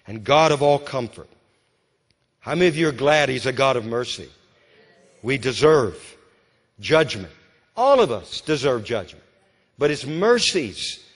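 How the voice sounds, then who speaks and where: A man preaching a sermon with a Southern American accent, rising to emphatic calls and dropping to hushed storytelling. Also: mid-range voice. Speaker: pastor. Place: church sanctuary. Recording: church hall with long reverb.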